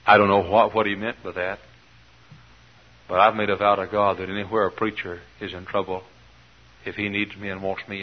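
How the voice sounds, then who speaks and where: A man preaching a sermon in church, questioning the congregation and swinging between shouted peaks and quiet asides. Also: lowish voice, little pitch movement, normal speed, highs cut off.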